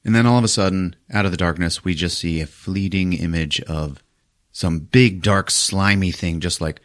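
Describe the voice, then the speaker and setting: A podcast host casually recaps a movie plot, swearing freely and slipping into silly voices to act out the characters. His voice sits low and a bit bright, at normal speed.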